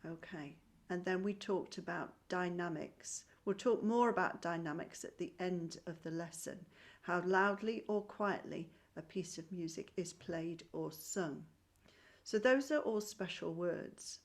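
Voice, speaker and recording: Over a screen-shared video call, a woman teaches an online primary school music lesson, patiently encouraging the class while clapping and chanting rhythm syllables. Her voice is on the low side and unhurried.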